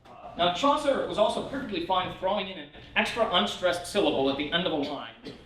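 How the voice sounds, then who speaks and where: A man's voice: high-pitched, animated, fairly quick, a bit bright, a little hiss or hum. A man giving an informal poetry lecture as a pastor, chatty, with many fillers, checking in with "right?". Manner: reads old verse aloud in a lifted, sing-song voice. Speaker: pastor teaching a poetry class. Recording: echoey room, mic at a distance.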